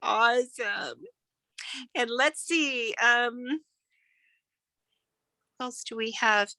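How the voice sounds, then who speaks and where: A woman's voice: on the high side, drawn-out words, sharp tone, dry recording. A woman hosting an online meeting on a video call, cheerful, playful and full of praise. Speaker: meeting host.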